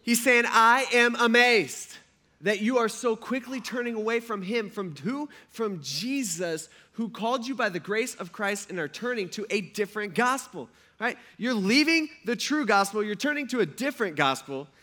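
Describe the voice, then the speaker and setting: A man preaching a sermon to his congregation, animated and joking, often acting out the people he describes. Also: high-pitched, moderate pace, few pauses. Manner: animated, joking, acts out voices. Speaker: pastor.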